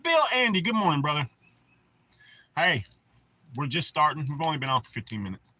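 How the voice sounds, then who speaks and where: A man's voice: on the high side, big pitch swings, fairly quick, sharp tone, no echo. A man hosting a casual livestream, rambling in a laid-back way and swearing often. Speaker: livestream host.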